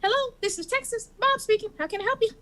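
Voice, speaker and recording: A woman's voice: extremely high pitch, fast, bright, forceful tone, voice pushed up, low-quality recording. A woman voicing a lazy, folksy male office clerk who stammers and apologizes in a raised voice. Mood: flustered.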